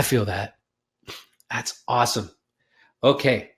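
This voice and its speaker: A man hosting a live audio call, guiding listeners through a slow, soothing visualization and chatting casually. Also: fairly low pitch, steady tone, slightly rough. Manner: slow, soothing, drawn-out guidance. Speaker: host leading a guided meditation.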